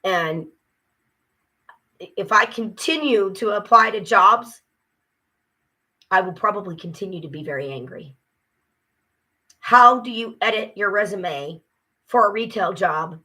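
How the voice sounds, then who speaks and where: A woman's voice: mid-range voice, lively intonation, unhurried, long pauses, pushed and bright. A tired woman ranting casually to camera, frustrated and swearing as she vents. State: exhausted. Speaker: vlogger. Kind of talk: casual vlog rant.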